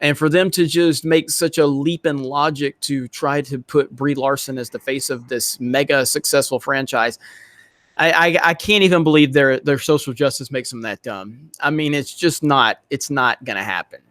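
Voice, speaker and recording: A man's voice: medium pitch, fairly even intonation, normal speed, a bit bright, no echo. A man hosting a casual podcast chat, talking in an emphatic, exasperated way with many restarts. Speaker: podcast host.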